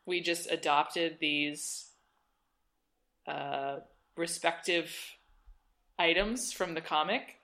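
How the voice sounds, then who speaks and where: Bright-toned woman chatting on a podcast. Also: sits low. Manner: thoughtful, halting, many restarts. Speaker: podcast co-host. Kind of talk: casual chat.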